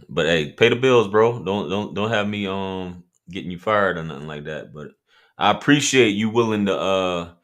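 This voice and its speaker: A man hosting a casual livestream, joking and bantering with viewers in loose, slangy talk. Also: low-pitched. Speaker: livestream host.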